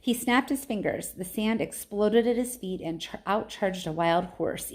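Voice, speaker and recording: A woman, a teacher, reading a novel aloud with casual, chatty asides. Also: on the low side.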